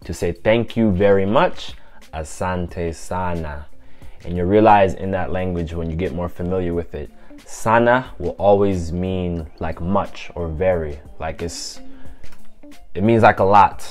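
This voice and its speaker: A man giving a casual vlog language lesson, repeating words slowly for pronunciation in a chatty, loose way. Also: low voice, darkish tone, faint music behind. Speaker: language teacher vlogger.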